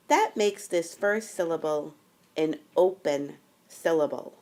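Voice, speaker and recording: Slow, careful woman teaching phonics. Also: sits low, darkish tone. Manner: slow, careful, step-by-step explaining. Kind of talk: screencast phonics tutorial.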